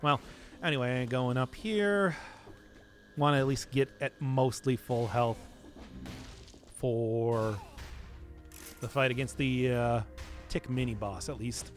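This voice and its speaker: A man's voice: mid-range voice, slow, pauses often, soft background music. A young man streaming a video game, chatting casually, answering chat and laughing at himself often. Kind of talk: casual gameplay commentary.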